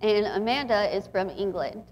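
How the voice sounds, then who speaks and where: A woman's voice: mid-range voice, normal speed, a little hiss or hum. A woman in her twenties from Texas, giving a chatty, emotional inspirational talk to an audience as a guest speaker. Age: 20s. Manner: chatty, warm and emotional, with frequent laughs.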